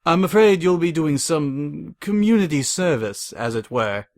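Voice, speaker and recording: A man voicing a calm, smug male pony agent who schemes. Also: fairly high pitch, unhurried, voice pushed up.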